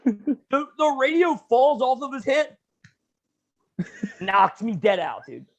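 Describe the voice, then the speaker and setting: Young guy, high voice, podcast co-host; lively, profane, "dude"-heavy storyteller. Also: takes it slowly, gravelly, dull audio. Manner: animated, slangy, swears, says "dude" constantly. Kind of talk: casual storytelling chat.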